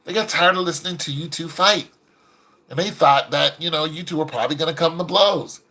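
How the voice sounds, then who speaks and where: Fairly high-pitched and fairly quick, a man comments casually on video, sermonizing as he goes. He's lively and voices the quoted people in the tales he tells.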